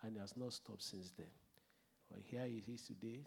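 A man's voice: lowish voice, moderate pace, vocal fry, slightly rough. A man preaching and hosting in a church sanctuary, fervent and conversational as he introduces a guest. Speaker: host pastor.

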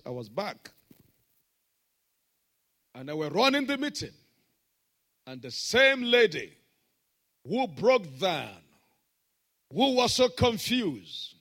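A middle-aged man preaching a sermon, swinging between shouted proclamations and hushed storytelling. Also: medium pitch. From Nigeria. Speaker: pastor.

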